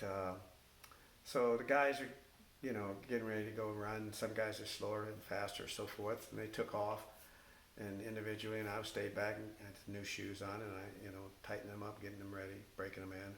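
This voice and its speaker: Older man, former firefighter, oral-history storytelling, halting with fillers, echoey room. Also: fairly low pitch, vocal fry. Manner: halting, with many fillers and restarts, animated when quoting others. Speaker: retired firefighter recounting his career. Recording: echoey room with faint hiss.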